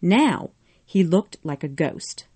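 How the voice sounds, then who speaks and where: A woman reads a storybook aloud at an unhurried pace. Her pitch rises and falls a lot, in a low, mellow voice. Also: slightly rough, no room sound. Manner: expressive, measured. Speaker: narrator. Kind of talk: storybook narration.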